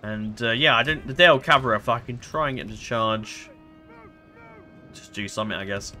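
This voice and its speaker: A man's voice: mid-range voice, brisk, bright, forceful tone, faint music behind. A man giving casual let's-play commentary, rambling and hesitant, full of fillers and self-corrections. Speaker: gameplay commentator.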